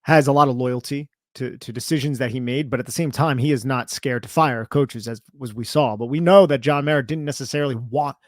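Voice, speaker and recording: A man co-hosting a sports podcast, speaking in a measured, agreeable way. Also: medium pitch, dry recording, clean studio sound. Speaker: podcast co-host. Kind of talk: casual sports chat.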